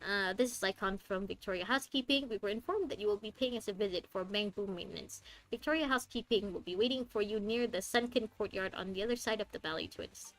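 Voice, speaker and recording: A woman voicing a courteous, formal male butler, speaking in a polite, measured way. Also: medium pitch, fairly bright tone, close to an everyday voice, poor audio.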